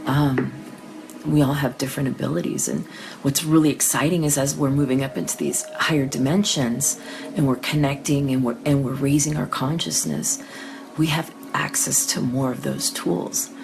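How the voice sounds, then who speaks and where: A woman hosting a live psychic reading session, talking casually and emotionally to her viewers, tearful, with soft laughs and restarts. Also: very deep voice, fairly even intonation, normal speed, creaky, over music.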